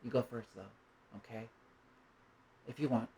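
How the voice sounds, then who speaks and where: Man doing a hushed, gentle parent. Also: mid-range voice, steady tone, measured pace, creaky, husky, exaggerated voice. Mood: reassuring. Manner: soft, hushed, reassuring.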